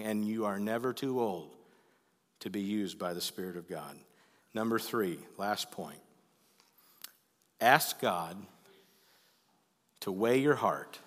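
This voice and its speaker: A man preaching a sermon as the pastor, earnest and pleading, sometimes pushing to loud emphasis. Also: lowish voice, in a large hall. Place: church sanctuary.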